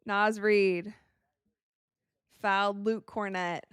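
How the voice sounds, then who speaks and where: An excitable woman from the United States giving casual live commentary while watching a game, tired and yawning, with quick reactions and frequent laughs. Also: medium pitch, clear, resonant tone, dry recording. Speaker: live-stream sports commentator.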